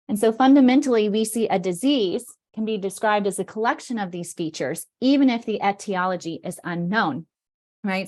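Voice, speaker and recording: A woman giving an online presentation over a video call, explaining with energy and often checking in with "right?". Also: mid-range voice.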